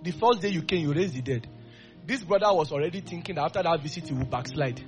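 A man preaching a sermon with fervent delivery, dropping to quiet asides and rising into loud bursts. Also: fairly high pitch, lively intonation, fast, soft background music. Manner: acts out quoted voices.

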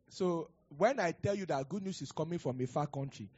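A male pastor preaching a sermon, animated and acting out conversations, rising to loud declarations. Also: fairly high pitch, unhurried, pauses often, slightly rough, dull audio. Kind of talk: sermon with prophecy and storytelling.

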